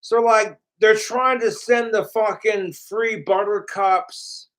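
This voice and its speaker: Live-streaming from his apartment, a man rants and rambles, swearing constantly and mocking others. His voice is high for a man, steady and a bit bright, and he drags his words out slowly.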